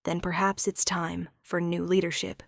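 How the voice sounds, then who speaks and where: A woman's voice: lowish voice, little pitch movement, normal speed, dry recording, studio quality, natural voice. A woman voicing a scheming, fanatical older uncle of a wolf king, cold and bitter in storybook narration.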